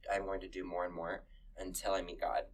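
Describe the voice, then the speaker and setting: A chatty man co-hosting a podcast, talking with campy, dramatic flair. His voice sits a little low and sounds set back from the microphone. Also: completely flat delivery, fast, recorded from a distance, poor audio. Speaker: podcast co-host. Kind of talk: casual chat.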